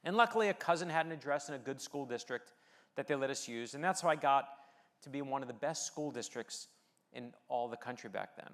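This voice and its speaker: A man's voice: mid-range voice, expressive, fairly quick. A middle-aged man from the United States delivering a motivational speech, telling personal stories with light humor and rallying the audience. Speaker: keynote speaker and novelist.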